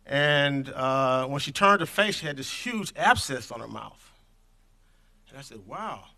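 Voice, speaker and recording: A man's voice: medium pitch, animated, measured pace, pushed and bright. A middle-aged man speaking at a conference, telling a personal story in an earnest, conversational way that drifts off his script. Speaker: conference speaker on infant health programs.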